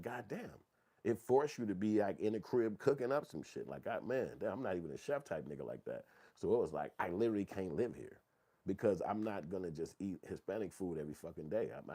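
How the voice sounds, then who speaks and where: A middle-aged man, telling stories in casual, profane commentary and reading viewer comments. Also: breathy edge. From Chicago. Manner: profane, animated storytelling, acts out quotes in a high voice. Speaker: channel host.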